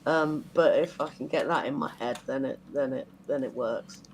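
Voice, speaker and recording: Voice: medium pitch, moderate pace, a little hiss or hum. A guest songwriter in a casual podcast chat, talking in rambling, restarting sentences and laughing easily.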